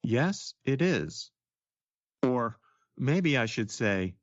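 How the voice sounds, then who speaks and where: Guy co-hosting an english podcast, slow and animated, dry dull-ish sound. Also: mid-range voice, no echo. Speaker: co-host. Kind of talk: scripted educational podcast.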